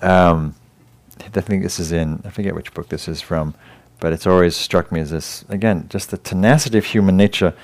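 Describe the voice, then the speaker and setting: A man with an English accent giving a dharma talk as a meditation teacher, gentle and halting, pausing and restarting as he tells a story. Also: low-pitched, fairly even intonation. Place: meditation hall class.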